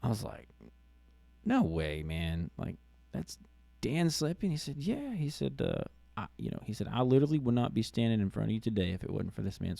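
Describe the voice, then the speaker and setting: A middle-aged man with a low, gravelly, mellow voice recounts a personal story on his podcast. He talks in a halting, casual way, restarting phrases and filling pauses. The sound is close and dry. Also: no echo. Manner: halting, many restarts and fillers. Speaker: podcast host.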